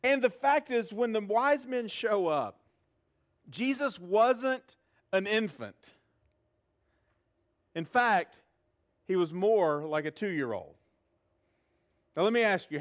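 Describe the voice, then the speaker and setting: A middle-aged man, preaching a sermon in a church to a live audience, animated and humorous, asking the crowd questions. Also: sits high, slow, pauses often. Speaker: pastor.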